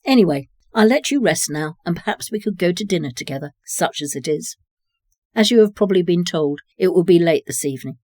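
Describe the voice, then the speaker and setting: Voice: mid-range voice, expressive, fairly quick, darkish tone, no room sound, clean studio sound, natural voice. A reader voicing a friendly, cheerful young man with a Belfast accent in an audiobook. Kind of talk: audiobook reading.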